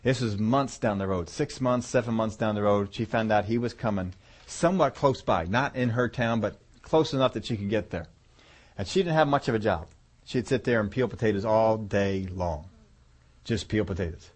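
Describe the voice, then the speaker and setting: A man's voice: lowish voice, moderate pace. A man preaching a sermon in a folksy, conversational way, rambling a little as he tells a story to his congregation.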